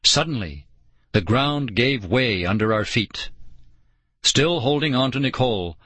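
A man narrating an audiobook in a slow, dramatic storytelling manner. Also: mid-range voice, lively intonation, fairly bright tone, slightly rough, no echo.

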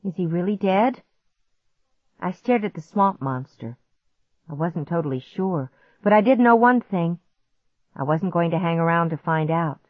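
A woman narrating a storybook in a measured, vivid first-person reading. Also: fairly low pitch, expressive, no echo. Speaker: audiobook narrator. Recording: dull muffled audiobook recording.

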